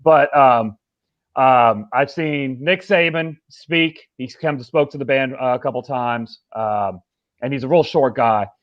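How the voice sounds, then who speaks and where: A man's voice: medium pitch, unhurried, dry recording. Young man, rambling chat, dry room, dull lo-fi audio. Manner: rambling, many fillers. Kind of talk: casual chat on a sports talk show.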